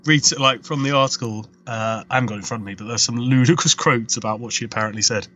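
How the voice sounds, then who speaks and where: A man co-hosting a casual podcast, quick and teasing. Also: mid-range voice, steady tone, sharp tone, dull audio. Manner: quick, teasing, laughs easily. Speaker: podcast co-host. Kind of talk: casual chat.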